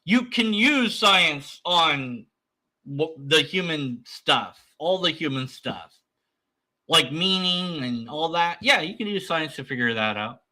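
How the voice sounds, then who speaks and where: A man's voice: on the high side, lively intonation, takes it slowly, bright, forceful tone. A man giving rambling, sarcastic commentary while reacting to a video. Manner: rambling, mocking, sarcastic asides.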